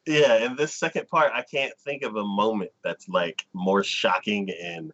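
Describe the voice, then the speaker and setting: Male co-host, casual stream chat, unhurried and halting; muffled lo-fi recording. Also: fairly low pitch, a bit bright. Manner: hesitant, with many fillers, laughs often. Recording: dull lo-fi stream sound.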